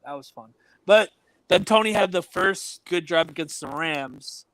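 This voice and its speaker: A man's voice: high voice, measured pace, fairly bright tone, no echo. A man co-hosting a podcast, asking long rambling sports questions in casual chat. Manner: mock interviewer, rambling questions. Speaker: podcast co-host.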